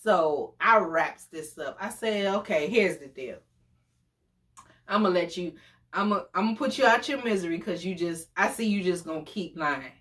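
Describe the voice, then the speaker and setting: Animated woman in her forties. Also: fairly low pitch, moderate pace. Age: 40s. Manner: animated, exclamatory, laughs often. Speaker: storytime vlogger. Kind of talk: casual storytelling.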